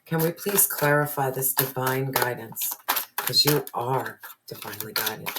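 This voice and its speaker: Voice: mid-range voice, a little slow, very noisy. A tarot reader giving an emotional spiritual reading, repeating phrases for emphasis, dropping into whispers now and then, and swearing at times.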